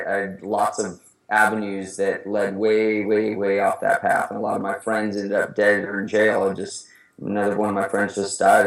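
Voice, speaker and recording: A man talking earnestly as an interview guest, often restarting his sentences. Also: on the low side. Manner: earnest, halting with many restarts. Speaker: guest speaker. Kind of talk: casual interview talk. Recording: roomy echo.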